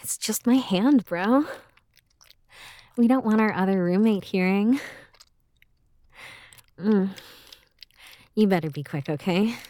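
A young woman playing a teasing, bossy roommate, speaking in a hushed, playful way with frequent soft laughs in an intimate audio role-play. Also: mid-range voice, slow pace, pauses often, close to an everyday voice.

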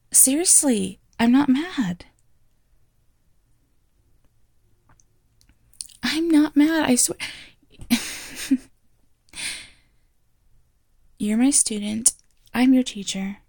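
A woman's voice: mid-range voice, gravelly, a little mellow, no room sound, clean studio sound, full character voice. A woman voicing a frank, playful female teacher in an audio role-play, teasing and laughing often. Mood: apologetic.

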